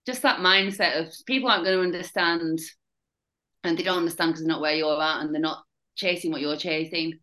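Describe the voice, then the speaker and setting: A woman's voice: fairly low pitch, fairly even intonation, a little fast, rough recording. Blunt Northern English woman. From Northern England. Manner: blunt, candid, laughs at dark stories. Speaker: guest, fitness coach. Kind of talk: casual chat.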